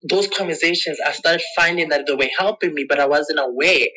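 A woman with a brisk, slightly rough voice, heard through poor audio, is being interviewed and candidly tells a personal story with emotion. She acts out past conversations in her own voice with lively pitch jumps and checks in with the listener often.

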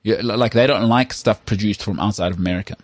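Husky South African man, opinionated chat. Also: fairly low pitch, fast, no room sound. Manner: animated, opinionated, repeats words when starting. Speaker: podcast co-host. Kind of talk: casual chat.

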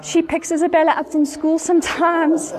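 A woman pastor, telling a story in an animated way during a sermon. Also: very high-pitched, normal speed, a crowd in the background. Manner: animated storyteller, acts out voices with laughter. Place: church.

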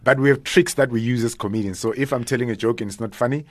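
A man, a stand-up comedian talking casually in a radio interview, animated and often laughing. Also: medium pitch, quick pace, no room sound. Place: radio studio.

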